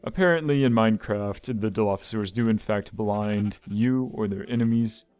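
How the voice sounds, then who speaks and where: A man's voice: fairly low pitch, moderate pace, a little mellow, smooth, no echo, soft background music. A man hosting a gaming video, talking through his play in rambling commentary and often repeating words as he thinks aloud.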